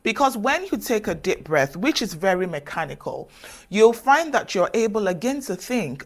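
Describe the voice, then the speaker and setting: An earnest woman gives motivational advice straight to the listener. She speaks in a measured way with emphatic pauses and keeps coaxing her audience to take her word for it. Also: medium pitch, very animated. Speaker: self-development speaker. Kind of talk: motivational advice talk to camera.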